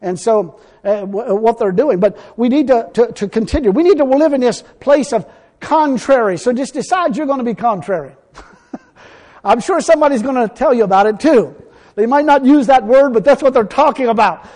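A man preaching a fiery sermon, folksy and blunt, now and then breaking into shouts. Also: very high-pitched, moderate pace.

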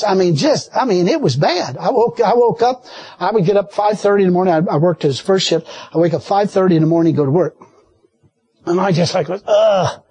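A man preaching a sermon with folksy, animated storytelling and frequent laughter. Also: high-pitched, slightly rough, no echo.

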